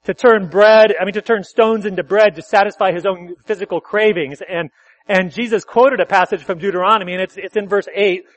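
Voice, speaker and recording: A pastor preaching a sermon at a church service, talking conversationally, correcting himself and asking the congregation questions. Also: male voice, sits high, steady tone, brisk, no echo.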